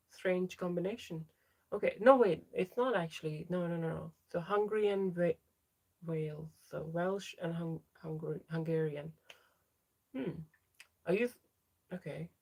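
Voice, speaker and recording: Trans woman, young adult, livestream host, casual chat, reading viewer comments aloud, voice on the low side. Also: a little slow, vocal fry, pauses often, darkish tone. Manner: chatty, reads out viewer names and answers them.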